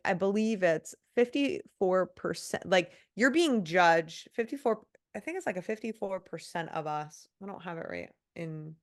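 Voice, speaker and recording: A woman's voice: fairly low pitch, a bit bright. A woman who used to be a police officer, talking bluntly and emphatically in a casual interview, now and then swearing. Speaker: guest, former police officer and coach.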